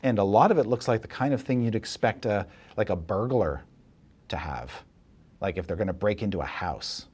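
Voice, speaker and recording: A man serving as dungeon master, narrating a tabletop game in a relaxed, chuckling way with many fillers. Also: fairly low pitch, moderate pace, slightly rough.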